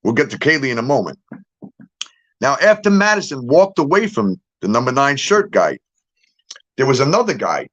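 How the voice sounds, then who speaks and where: Very animated at a moderate pace, a middle-aged man with a medium-pitched, fairly bright voice addresses his followers as a social media commentator, leaving long pauses. He pushes his points hard, repeatedly checks in with "okay?" and "all right?", and gets up to act scenes out, all on lo-fi sound.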